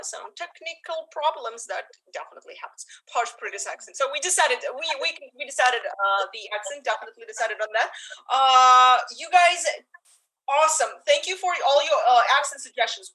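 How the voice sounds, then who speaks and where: A woman's voice: high voice, pushed and bright, poor audio. A woman hosting a live online improv show over a video call, talking to the audience in a chatty, upbeat way.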